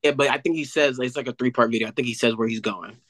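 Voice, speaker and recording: A young man, an athlete guest, telling a story in an animated casual way with many fillers. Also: medium pitch, quick pace, no room sound, rough recording.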